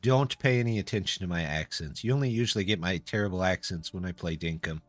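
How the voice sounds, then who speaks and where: A man's voice: sits low, quick pace, dry recording, faint music behind. A man live-streaming a game and chatting casually with viewers, answering their comments in a loose, self-deprecating way. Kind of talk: casual live-stream chat while gaming.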